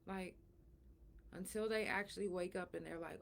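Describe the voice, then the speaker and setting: A middle-aged woman hosting her own podcast, talking frankly and emphatically, sore and breathy at times from a recent surgery. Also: lowish voice, steady tone, normal speed, long pauses, a little hiss or hum. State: in pain after surgery, soft and breathy at times. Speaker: podcast host. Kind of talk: casual solo talk.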